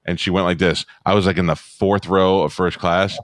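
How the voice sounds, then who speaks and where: Man, very deep voice, dry sound, blunt profane storyteller, comedy podcast. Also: fairly even intonation, normal speed, no echo. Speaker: podcast co-host. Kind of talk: casual comedy chat.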